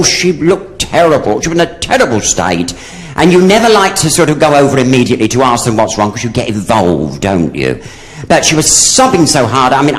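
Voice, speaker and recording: A drag comedian on stage, a man telling camp, gossipy stories. His pitch leaps all over the place as he swings between chatty narration and sudden punchlines. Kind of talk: stand-up comedy storytelling.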